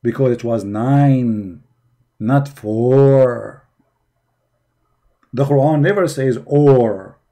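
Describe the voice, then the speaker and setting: Mocking man with a dark voice. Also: mid-range voice, extremely slow, long pauses. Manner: mocking, emphatic, repeats rhetorical questions. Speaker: religion critic presenting. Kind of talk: commentary on articles.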